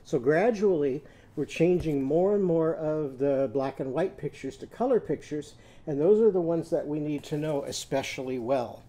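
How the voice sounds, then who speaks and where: A man teaching a children's phonics lesson, slowly sounding out syllables and encouraging the listener. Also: fairly high pitch, warm tone.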